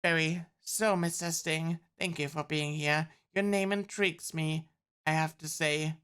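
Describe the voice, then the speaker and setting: A woman's voice: low voice, fairly even intonation, unhurried, fairly bright tone, clear, resonant tone. A woman voicing an earnest male bee lawyer, reading a film script aloud in her own plain voice. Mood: indignant. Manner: plain read-aloud delivery.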